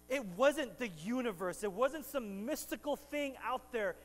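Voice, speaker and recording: A man's voice: very high-pitched, expressive, a little slow, few pauses, big-room sound, rough recording. A man preaching a sermon to his congregation in a church, bantering with them and rising to emphatic preaching. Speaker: pastor. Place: church sanctuary.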